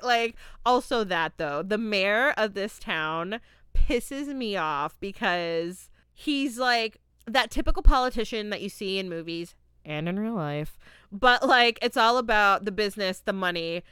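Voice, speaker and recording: Bright, animated young woman reviewing a film. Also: mid-range voice, measured pace, clean tone, no room sound, clean studio sound. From Florida. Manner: animated, laughing, acts out quotes. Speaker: podcast host. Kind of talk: casual movie review.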